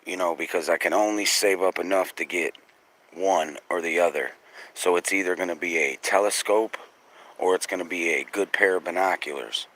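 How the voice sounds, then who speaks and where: A skywatch livestream host talks at a moderate pace in a deep voice, recorded on a phone outside at night. He addresses chat viewers directly, excitable and swearing often.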